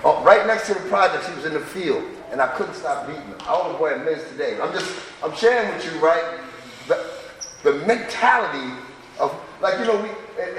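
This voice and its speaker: A man's voice: on the high side, fairly bright tone, a little hiss or hum. A middle-aged man telling raw, profane stories of his past at a twelve-step recovery meeting. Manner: raw, profane, street-talking storyteller. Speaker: speaker sharing at a recovery meeting. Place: large meeting hall. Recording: echoey hall, distant mic.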